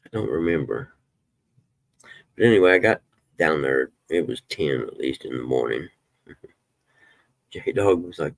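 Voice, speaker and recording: Brief: low-voiced man, relaxed folksy live-stream chatter, dry close sound. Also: unhurried, vocal fry, long pauses, no room sound. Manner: folksy, swears when fired up. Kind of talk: casual live-stream chat.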